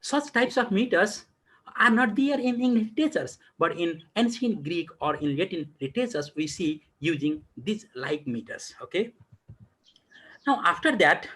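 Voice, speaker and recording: A man giving an online college lecture over a video call. He keeps asking himself rhetorical questions and answering them, in halting, repetitive phrasing full of fillers. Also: high voice, expressive, fairly bright tone, breathy edge.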